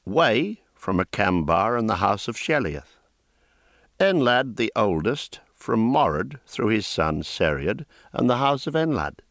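A man voicing an earnest young male prince who speaks in a formal, measured way. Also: low-pitched, big pitch swings, a bit bright, no echo, studio quality, full character voice. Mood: recital.

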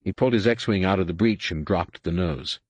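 A man reading a science-fiction novel aloud as a dramatic, animated audiobook narrator. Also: low voice, normal speed, no echo. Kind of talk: scripted narration.

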